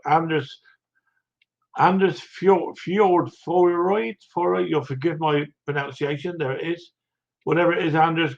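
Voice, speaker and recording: A man's voice: fairly high pitch, dull audio. An older man hosting a livestream, greeting viewers one by one in rambling, self-mocking casual chat with frequent chuckles. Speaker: livestream host.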